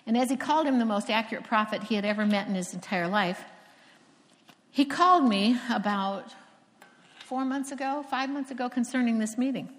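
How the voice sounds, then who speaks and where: A fairly high-pitched woman preacher, originally from Florida, delivers a sermon in a storytelling way, leaning on emphatic, dramatic pauses. Her voice rings out with a long reverb, as if recorded in a large hall. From Florida, USA.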